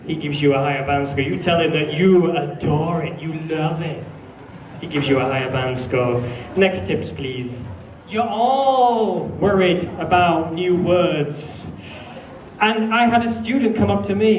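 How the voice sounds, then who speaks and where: A man teaching a classroom lesson, lively, acting out sample answers with exaggerated feeling. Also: a little high, measured pace, far from the mic, dull audio. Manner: animated, acts out student answers with exaggerated feeling. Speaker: English teacher. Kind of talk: classroom lecture. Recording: echoey room, mic from afar, faint noise.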